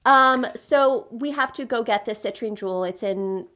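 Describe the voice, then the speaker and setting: A woman's voice: a little high, moderate pace, pushed and bright, a little hiss or hum. A woman co-hosting a casual book podcast, gushing and retelling scenes with lots of fillers. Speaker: podcast co-host. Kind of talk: casual chat.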